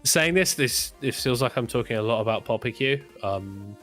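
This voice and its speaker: A man with a bright, forceful voice in a casual podcast discussion. He talks hesitantly, stopping and restarting his thoughts. Soft music plays faintly behind. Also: medium pitch, lively intonation, normal speed. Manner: hesitant, many ums and restarts. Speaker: podcast co-host. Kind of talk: casual game design chat.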